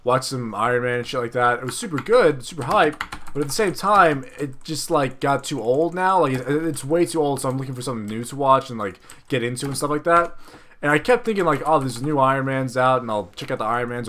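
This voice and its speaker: A young man talking over his gameplay in a loose, rambling way, swearing freely and starting sentences over. His voice sits at an ordinary middle pitch, and he gets excitable when something grabs him. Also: fast talker, slight background noise. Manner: rambling, profane, excitable, with many restarts. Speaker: gaming video creator. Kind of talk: casual gameplay commentary.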